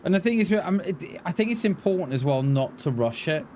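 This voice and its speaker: In this casual gaming commentary, a man with a light Mid Welsh accent from Mid Wales chats on a live stream while playing, musing aloud and addressing viewers as "mate." His voice is high, slightly mellow and lively in intonation, a little fast, with a little hiss or hum.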